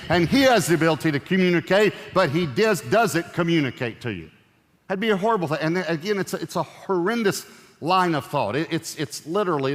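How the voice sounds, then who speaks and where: A man's voice: on the high side, lively intonation, brisk. A male pastor preaching a sermon with emphatic repetition and touches of humor, in a large church auditorium. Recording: long reverb in a large hall.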